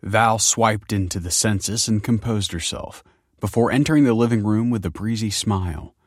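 A man narrating an audiobook chapter in a measured, even storytelling manner. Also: lowish voice, dry recording, clean studio sound. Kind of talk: scripted narration.

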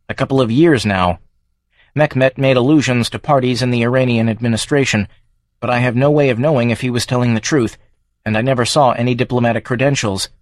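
A man's voice: medium pitch, no room sound, clean studio sound, lightly acted. A male narrator voicing a nervous government aide who answers formally and carefully under questioning.

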